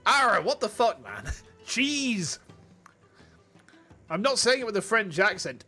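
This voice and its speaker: An English man streaming a video game, chatting casually in an animated, rambling, jokey way. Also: high voice, slow pace, long pauses, soft background music.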